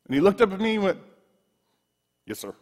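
A man preaching a sermon, telling personal stories in an animated way with frequent restarts, in a church sanctuary. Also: high-pitched, racing. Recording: long reverb of a large room.

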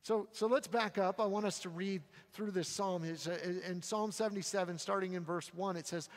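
A man preaching a sermon in a casual, halting way, often repeating words as he gathers his thoughts. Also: high voice, in a large hall. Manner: conversational, halting with frequent repeats. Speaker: pastor.

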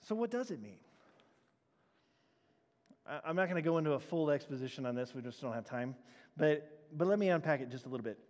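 A man preaching a sermon as a pastor, animated and acting out the crowd's reactions. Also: a little high, a little fast, long pauses, big-room sound. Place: church sanctuary.

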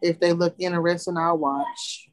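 Animated storyteller woman, dry close mic. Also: lowish voice, moderate pace, dry recording. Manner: animated storyteller who acts out her child's voice. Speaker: podcast co-host. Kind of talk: casual chat.

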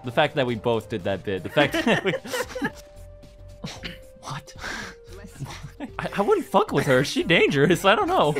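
A man's voice: on the high side, huge pitch swings, normal speed, a bit bright, faint music behind. Giggly, swearing gamer guy. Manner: laughs often, swears freely, teasing banter. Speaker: gaming channel host. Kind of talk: casual co-op gameplay commentary.

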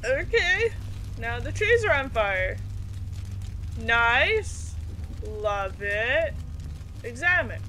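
A young gameplay streamer casually comments on a horror game, reacting out loud to each action while faint game music plays behind her. Her slightly high voice is sing-song, bright and forceful, with drawn-out words and frequent pauses.

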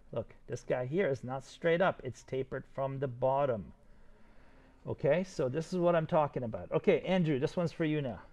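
An older man teaching a 3D modeling tutorial live, talking fast and excitedly while he demonstrates and encourages his students. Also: mid-range voice. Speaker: 3D modeling instructor.

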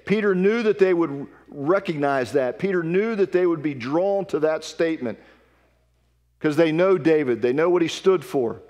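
A man's voice: a little high, expressive, moderate pace, darkish tone, long reverb tail. A man preaching a sermon with earnest emphasis, reading scripture aloud. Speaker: pastor. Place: church sanctuary.

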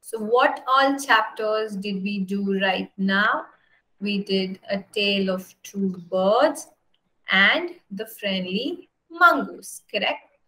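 A woman teacher from India tells a story in an English lesson, animated, with many "right?" checks to her pupils. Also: medium pitch, slow, rough recording. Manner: animated, asks "right?" again and again.

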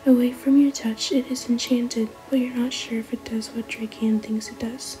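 A woman narrates a second-person adventure in a whispered role-play, her voice soft, mellow and slightly high. Faint music plays underneath throughout. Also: fairly even intonation, moderate pace, poor audio. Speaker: storyteller.

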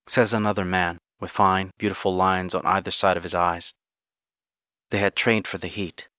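A man narrates a short story in the first person with a wry, gritty edge. His voice sits low and the recording is close and dry, with no room sound. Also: level tone, normal speed, pushed and bright, dry recording.

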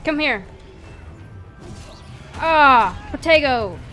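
A woman streamer giving goofy, playful commentary while she plays a video game, often shouting spell names. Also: high voice, animated, drawn-out words, faint music behind. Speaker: gaming streamer. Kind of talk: casual gameplay commentary.

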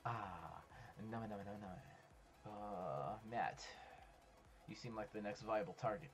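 A man doing casual let's-play commentary, excitable, swearing and talking to other players, swinging from low mutters to sudden yells. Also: slow. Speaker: gaming YouTuber. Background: faint background music.

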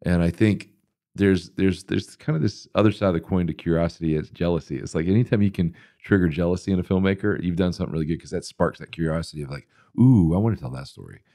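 A middle-aged man hosting a podcast, telling stories in a rambling, animated way with many fillers. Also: deep voice, quick pace, no echo, clean studio sound. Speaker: podcast host answering listener questions. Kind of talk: casual interview talk.

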